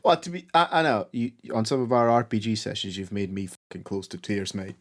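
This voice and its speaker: A man's voice: lowish voice, steady tone, fairly quick, slight background noise. A British man co-hosting a gaming podcast, chatting casually and teasing the others. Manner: teasing banter. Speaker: podcast co-host. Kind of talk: casual chat about board games.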